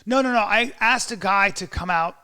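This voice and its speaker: A man, a comedian guest on a podcast, telling animated stories in a boastful, excitable way and swearing often. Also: sits high, moderate pace, smooth. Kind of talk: animated storytelling chat.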